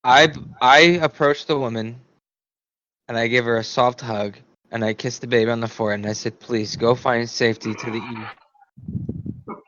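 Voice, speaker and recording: A man's voice: mid-range voice, little pitch movement, moderate pace, no echo, muffled recording. A man playing a tabletop game, chatting casually and slipping into earnest, gallant in-character speech. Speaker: player.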